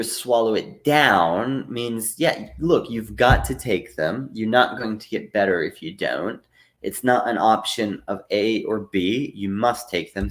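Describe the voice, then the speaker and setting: A man teaching a live online lesson, patiently explaining phrasal verbs and reading out chat comments, with frequent "uh" fillers. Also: lowish voice. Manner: reads out and answers chat comments.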